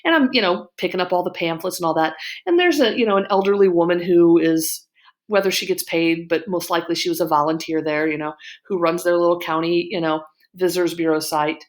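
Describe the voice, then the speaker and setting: A woman's voice: lowish voice, brisk. A middle-aged woman from Illinois, a history teacher, giving a casual, opinionated lecture-style commentary with frequent ums and you-knows. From Illinois, USA.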